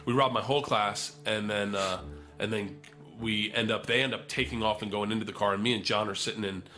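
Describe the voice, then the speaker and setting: Bright-voiced man telling a wild story. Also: fairly low pitch, brisk, soft background music. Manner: animated, profane, acts out other people's lines. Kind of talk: stand-up storytelling.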